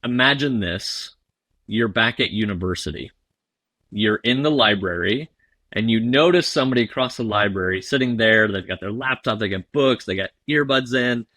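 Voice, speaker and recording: A man guesting on a podcast as a sales leader, telling stories in a lively, acted-out way and often laughing. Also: on the low side, moderate pace, no echo. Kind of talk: animated storytelling in casual chat.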